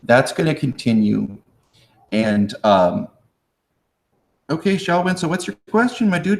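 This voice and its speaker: A man's voice: mid-range voice, animated, measured pace, vocal fry, pauses often. Joking man teaching history in an echoey room. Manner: casual, joking, talks to viewers in chat; acts out historical figures in slangy voices. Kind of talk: live-streamed exam review.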